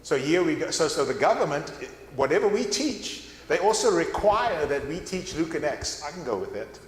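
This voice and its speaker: A man's voice: a little high, very animated, moderate pace, echoey room, long reverb tail. An older man giving a folksy, rambling Bible class talk, often repeating words as he goes. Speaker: guest speaker at a Bible class. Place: church classroom.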